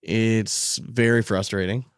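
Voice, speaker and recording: A man's voice: fairly low pitch, steady tone, takes it slowly, smooth, no room sound, studio quality. A man in his thirties, a podcast co-host, telling a long story in a rambling, casual way with lots of "like". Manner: rambling storyteller, heavy use of "like". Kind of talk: casual chat.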